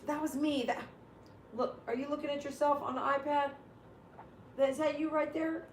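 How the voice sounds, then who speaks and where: A chatty woman with a fairly high voice hosts a relaxed livestream from home. She talks to her dogs and reads out viewer comments. Her voice rings a little in an echoey room. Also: moderate pace, long pauses, a little hiss or hum. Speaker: dog groomer and livestream host. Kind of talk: casual livestream chat.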